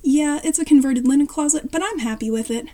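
A chatty, cheerful young boy with lots of sisters, played by a woman reading a story. He is helpful and eager, and his voice sits high and a bit raised. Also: a little fast, dark tone, natural voice.

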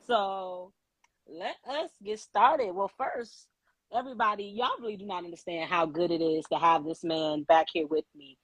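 A woman's voice: on the low side, normal speed, fairly bright tone, breathy edge, dry recording, rough recording. A woman hosting a live podcast, chatty and outspoken, laughing often as she talks. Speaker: podcast host.

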